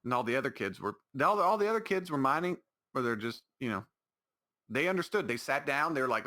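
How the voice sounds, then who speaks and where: A man's voice: medium pitch, lively intonation, brisk, pushed and bright. A man hosting his own podcast, talking alone in a rambling, exasperated way with lots of restarts. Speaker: podcast host. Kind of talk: solo casual podcast monologue.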